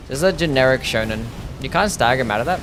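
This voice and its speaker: A man's voice: medium pitch, animated, fast, a bit bright, a little hiss or hum. Laid-back streamer man. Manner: laid-back, swears, reads chat aloud. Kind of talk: casual live game commentary. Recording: faint music behind.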